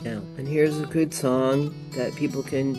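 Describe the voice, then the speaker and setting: A woman guest astrologer chatting on a radio show, meandering and quick to laugh. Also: extremely low pitch, fairly even intonation, over music. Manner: slow, meandering, laughs easily. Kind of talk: casual radio chat. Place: radio studio.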